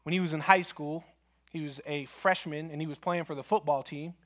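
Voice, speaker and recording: Higher-voiced male pastor preaching. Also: steady tone, fairly quick, a bit bright. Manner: storytelling with acted quotes, ends in prayer. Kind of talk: sermon. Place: church.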